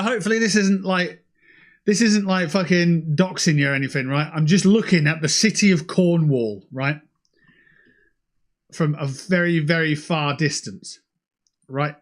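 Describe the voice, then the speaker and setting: A young British man hosting a livestream in casual, sweary chat that jumps between high and low. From United Kingdom. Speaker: livestream host.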